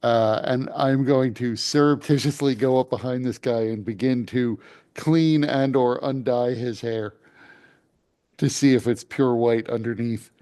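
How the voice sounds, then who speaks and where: A man plays a tabletop game, talking through what his character does in a mellow, mid-pitched voice. He thinks aloud as he goes, pausing and correcting himself. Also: fairly even intonation. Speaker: player. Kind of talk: tabletop role-play, describing his character's actions.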